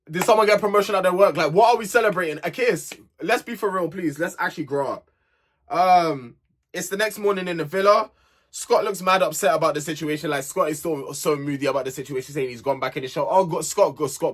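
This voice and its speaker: A man's voice: fairly high pitch, fairly bright tone. A young man recapping a reality show, blunt and exasperated, firing off rhetorical questions. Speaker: reality TV reviewer. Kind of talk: casual recap vlog.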